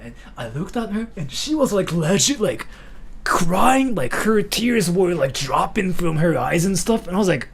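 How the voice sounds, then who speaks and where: Young guy streaming, gravelly voice, bounces all over in pitch, rambly, faint noise behind. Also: normal speed. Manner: rambling, animated, many "like" fillers. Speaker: livestream host. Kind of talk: casual storytelling chat.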